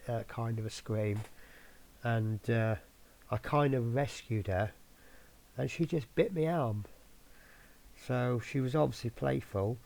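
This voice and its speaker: A man's voice: mid-range voice, vocal fry, darkish tone. A man hosting his own scale model channel, giving a rambling, chatty update full of ums. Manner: rambling, filler-heavy, chatty.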